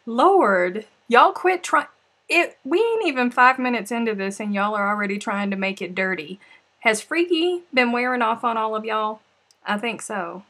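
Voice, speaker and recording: A woman's voice: mid-range voice, a bit bright. A woman hosting a casual crafting livestream, chatty and playful, often sighing and laughing between remarks. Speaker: livestream host.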